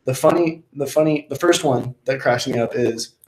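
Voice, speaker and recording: A man's voice: medium pitch, moderate pace, a little mellow, poor audio. A man co-hosting a casual podcast, prodding his friend to tell a story and easily amused by it. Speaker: podcast co-host. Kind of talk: casual chat.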